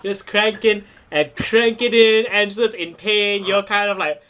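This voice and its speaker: High-pitched man running a wrestling game. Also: fairly even intonation, sharp tone, slight background noise. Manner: playful, swearing, quick to joke. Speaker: game master. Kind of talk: narrating a tabletop wrestling game.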